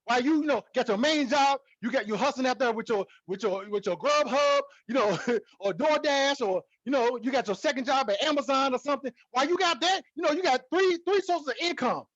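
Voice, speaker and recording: A man teaching stock trading in a casual, excitable way, repeating himself and hyping up his viewers. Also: very high voice, fairly quick, no echo, dull audio. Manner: excitable, repetitive, hypes the viewer. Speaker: trading educator. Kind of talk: casual teaching talk to camera.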